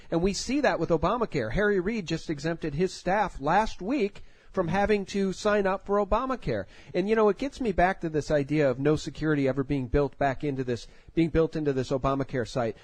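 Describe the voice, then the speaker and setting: Male host, opinionated lead-ins, slightly high, dry booth sound. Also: a little mellow, dry recording, rough recording. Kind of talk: conversational interview questions.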